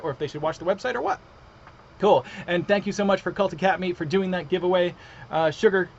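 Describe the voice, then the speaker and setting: A chatty, excitable man hosts a casual livestream, his voice sitting a bit high for a man. The sound is slightly muffled, with a faint hiss underneath. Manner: chatty, excitable, reads out comments. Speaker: livestream host.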